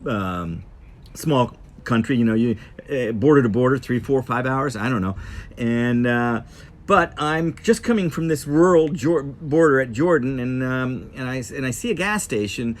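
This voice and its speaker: A man casually telling a travel story as host, in an animated, rambling present-tense way. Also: mid-range voice, moderate pace.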